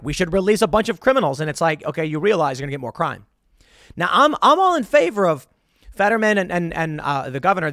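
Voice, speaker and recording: A man's voice: high-pitched, a bit bright, no echo, studio quality. A man hosting a show of political commentary, ranting and incredulous. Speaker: host.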